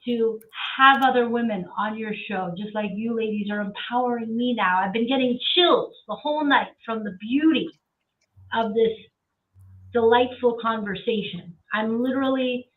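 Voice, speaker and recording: A woman speaking as a guest on a talk show, effusive and repeating phrases for emphasis, over a remote call. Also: a little high. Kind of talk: casual talk-show conversation. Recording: tinny remote call from far off.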